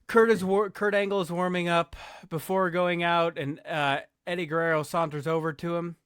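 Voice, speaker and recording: Man, podcast host, casual wrestling narration, smooth clear voice, dry close sound. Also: fairly high pitch, flat delivery, normal speed, fairly bright tone, dry recording. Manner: laid-back, stumbles and self-corrects, self-deprecating.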